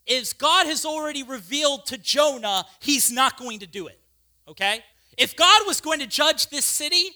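A preacher delivering an animated, conversational sermon with casual asides. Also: high voice.

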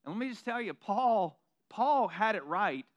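High-pitched man preaching a sermon. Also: lively intonation, normal speed, muffled recording. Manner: conversational, self-deprecating preaching with mocking quoted asides. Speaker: pastor.

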